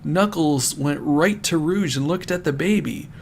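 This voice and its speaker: A man's voice: fairly high pitch, unhurried, gravelly, a little hiss or hum. A man streaming live who reads a silly story aloud and breaks off for amused, laughing comments. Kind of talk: comedic dramatic reading with asides.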